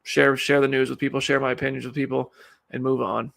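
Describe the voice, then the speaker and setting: A man's voice: medium pitch, flat delivery, fairly quick, creaky, fairly bright tone. A man hosting a live stream, giving casual commentary in a rambling, chatty, self-deprecating way. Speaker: livestream host.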